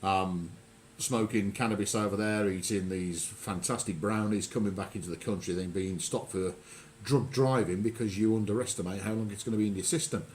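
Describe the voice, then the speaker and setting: Rambling low-voiced man. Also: fairly quick, a little mellow, slight background noise. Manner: rambling, self-correcting, chatty. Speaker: radio show host. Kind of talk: casual chat.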